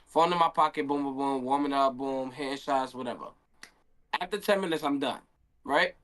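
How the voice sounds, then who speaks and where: A man's voice: mid-range voice, moderate pace, a bit bright. A young man, a handball player, telling a story in a casual stream Q&A and acting out his own quotes.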